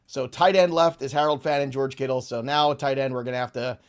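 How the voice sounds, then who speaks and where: A man's voice: mid-range voice, steady tone, a little fast, smooth. A man hosting a casual podcast chat, rattling off lists of names and thinking aloud as he goes. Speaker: podcast host. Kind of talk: casual fantasy football chat.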